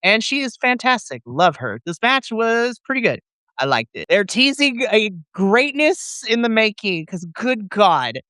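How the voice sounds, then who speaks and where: Male podcast co-host, animated and playful, slightly high pitch, bright and smooth, dry close sound. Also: a little slow, dry recording. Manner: animated and playful, acts out his reactions. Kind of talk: casual podcast chat.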